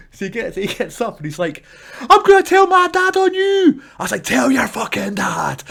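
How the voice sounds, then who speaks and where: A Scottish man, a wrestler, telling stories to camera in a casual vlog, swearing freely and acting out the people in them. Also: a little high. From Scotland.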